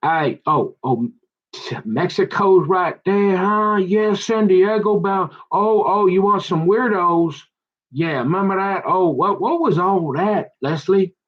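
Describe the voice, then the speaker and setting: Rambling, excitable man on a lo-fi recording. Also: high voice, slow pace. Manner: rambling, jumps between topics, keeps restarting; loose and excitable, slangy. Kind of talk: rambling monologue.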